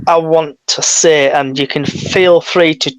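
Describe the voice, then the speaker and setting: A chatty man co-hosts a football fan chat. His voice sits fairly high, and he talks loosely and keeps asking his co-host questions. The sound is dry and close, with no room echo. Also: fairly even intonation, a little slow. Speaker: podcast co-host.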